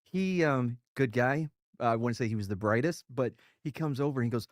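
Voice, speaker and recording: A man's voice: medium pitch, moderate pace, few pauses, no room sound, studio quality. A man, a military veteran co-hosting a podcast, telling a war story in profane casual chat and acting out the people in it. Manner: profane, animated war storyteller doing voices. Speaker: co-host, veteran.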